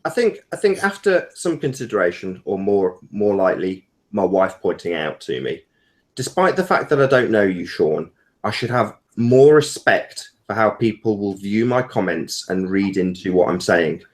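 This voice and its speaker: A man's voice: on the low side, lively intonation, normal speed. A man talking bluntly on an online group call, then owning his faults in an apologetic tone. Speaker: guest video maker.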